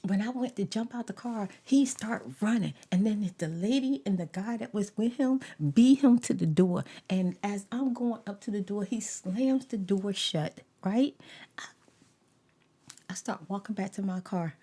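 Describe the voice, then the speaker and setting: A middle-aged woman telling a story in soft-spoken ASMR style, animated, slipping into whispered asides. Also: medium pitch, a little slow, slightly rough. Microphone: desk USB microphone.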